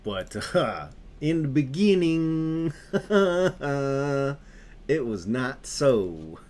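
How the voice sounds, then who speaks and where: A man's voice: mid-range voice, sing-song, drawn-out words, darkish tone. A young adult man on a gaming stream, casually telling a story while he plays, laughing often and talking in loose slang.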